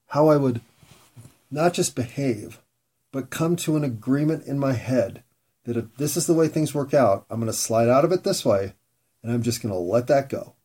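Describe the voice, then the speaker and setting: Slow, rambling man musing to himself. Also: medium pitch, mellow. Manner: rambling, pausing, frequent swearing; self-mocking, candid. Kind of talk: reflective personal monologue.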